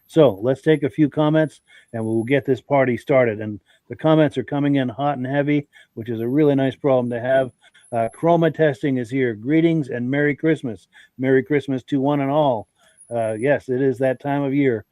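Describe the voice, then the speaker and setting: A man's voice: medium pitch, steady tone, normal speed, dark tone, dry recording, rough recording. A congested man hosting a live podcast, chatting in a friendly, folksy way and greeting viewers by name as he reads their comments. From Vermont. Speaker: podcast host.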